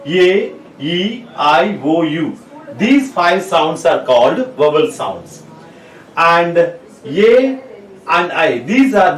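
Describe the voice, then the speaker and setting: A man, teaching spoken in a slow lecture. He repeats points and spells out letters one by one. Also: fairly high pitch, distant mic, slight background noise. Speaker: English teacher. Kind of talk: classroom lecture. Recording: echoey room, voice from off the mic.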